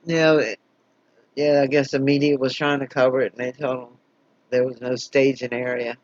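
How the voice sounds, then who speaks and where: A man's voice: mid-range voice, flat delivery, moderate pace, no echo, dull audio. A man chatting casually on a live stream, commenting on police radio traffic with frequent laughter and a tired manner. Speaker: scanner stream host.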